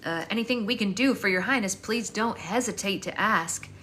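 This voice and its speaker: A woman's voice: medium pitch, moderate pace, sharp tone, a little hiss or hum, lightly acted. A woman voicing a middle-aged café worker speaking politely and hesitantly to a guest. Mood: deferential.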